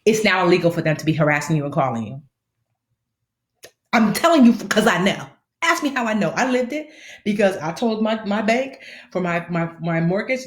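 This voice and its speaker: Her voice is mid-range and a little quick, with reverberant room sound. This woman in her thirties hosts a personal finance live stream, offering casual, slangy advice through a slight lisp and playfully performing the people she quotes.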